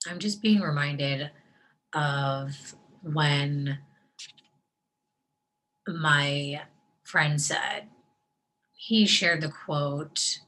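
A tearful woman talking in a personal video diary, her voice slightly low and soft, often slipping into a breathy whisper. She speaks very slowly and haltingly, with long pauses between her words. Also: rough recording. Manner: slow, hesitant delivery with long pauses. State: tearful, crying. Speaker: vlogger sharing her faith.

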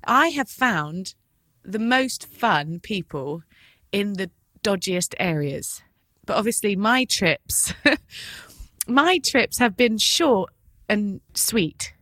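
A woman hosting a casual chat, reacting readily and talking in a chatty, warm-hearted way. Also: medium pitch, dry recording, clean studio sound. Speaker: host.

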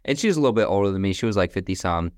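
A young man with a very deep, low voice tells stories in a relaxed, chatty way. He sprinkles in casual slang and laughs easily between points. The sound is dry and close, with no room around it. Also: rapid-fire, no echo. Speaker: guest, company founder. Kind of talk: casual storytelling interview.

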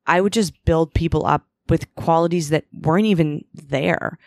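Candid woman with a gravelly edge. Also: low-pitched, moderate pace, darkish tone, no room sound. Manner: candid, profane, self-deprecating storytelling; acts out her own past inner voice in quotes. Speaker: podcast host. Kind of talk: solo confessional monologue.

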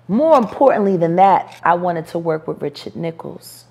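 A woman in her forties, an interview guest, telling stories in a brash, profane, animated way with bursts of laughter. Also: fairly low pitch, normal speed, creaky, slightly rough. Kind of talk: storytelling interview.

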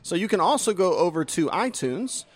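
A man, a pastor, chatting casually on a podcast in an animated, playful way. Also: high-pitched. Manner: animated and playful, reads quotes slowly.

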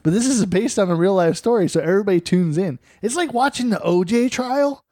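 A man's voice: high voice, animated, a little fast, darkish tone, no echo, studio quality. A man co-hosting a casual podcast chat, crude and joking, laughing often. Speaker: podcast co-host.

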